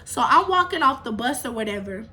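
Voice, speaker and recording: A woman telling a casual storytime tale, animated and profane, with fight sound effects. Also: on the high side, a little fast. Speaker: storyteller vlogger.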